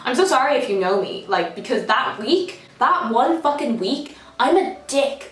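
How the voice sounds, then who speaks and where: A woman's voice: a little high, sing-song, normal speed, roomy sound, distant mic, faint music behind. A woman, telling stories in a casual, self-mocking vlog and jumping to sudden squeals. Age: 20s. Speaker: vlogger.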